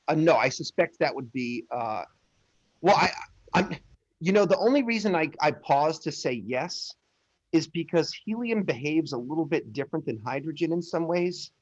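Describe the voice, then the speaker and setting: A man lecturing on astronomy in an online class, informal and jokey, explaining step by step. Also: on the high side. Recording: dull lo-fi audio.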